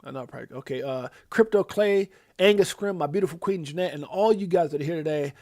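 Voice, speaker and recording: A man hosting a live stream, casually reeling off shout-outs to viewers with loud, excited bursts. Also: dry recording, studio quality. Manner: lively, hyped, drawn-out shout-outs with sudden loud high bursts. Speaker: livestream host.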